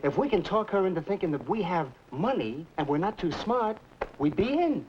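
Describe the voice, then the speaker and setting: A man's voice: sits high, sing-song, normal speed, slight background noise. A man playing a nervous, wary sidekick in a 1950s sitcom. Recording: dull 1950s TV soundtrack with music.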